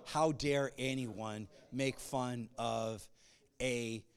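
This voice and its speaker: A male pastor giving a sermon, moving between conversational asides and loud call-and-response bursts. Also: medium pitch, fairly even intonation, very slow, clear, resonant tone.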